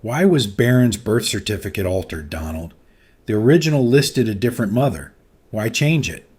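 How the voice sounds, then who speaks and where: A man voicing a calm male TV host who asks pointed questions. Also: fairly low pitch, moderate pace, slightly rough. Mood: pressing.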